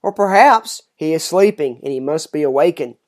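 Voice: medium pitch, animated, moderate pace, lightly acted. A reader voicing a fierce, defiant prophet. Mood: mocking. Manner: declaiming, rising to loud mocking cries. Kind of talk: scripture reading aloud.

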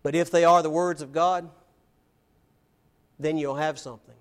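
A man with a high voice delivers a sermon from the pulpit. He talks emphatically and presses his points with rhetorical questions. His volume swings between loud declarations and quiet asides. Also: fairly even intonation, normal speed, clear, resonant tone. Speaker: preacher. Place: church, evening service.

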